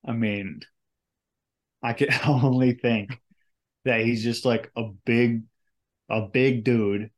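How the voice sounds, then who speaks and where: Man rambling in casual chat, mid pitch. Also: fairly even intonation, slow pace, pauses often. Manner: rambling, searching for words, many fillers. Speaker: podcast co-host.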